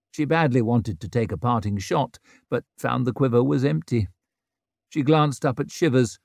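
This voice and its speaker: A man's voice: mid-range voice, vocal fry, a little mellow, no echo, clean studio sound. A man narrating an audiobook expressively, voicing every character. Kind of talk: scripted narration.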